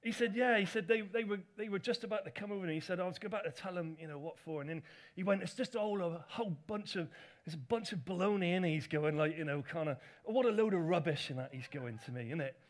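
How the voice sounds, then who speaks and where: Middle-aged pastor, high-pitched, casual and self-deprecating as he tells a story from the pulpit. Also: fast talker. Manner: chatty, self-deprecating storytelling with audience asides. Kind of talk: sermon with personal story.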